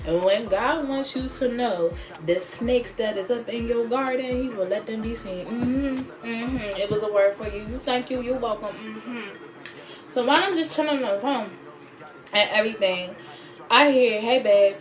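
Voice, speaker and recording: A woman vlogger talking straight to camera in an animated, sassy storytelling voice. She jumps between dramatic highs and muttered asides, and faint music plays under her. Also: measured pace. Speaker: beauty vlogger. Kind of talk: storytime vlog.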